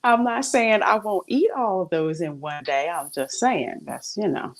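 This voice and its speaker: Female livestream host, low-leaning voice, casual, laughs often. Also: animated, a little slow, gravelly. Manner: laughs often, chatty and informal. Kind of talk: casual chat.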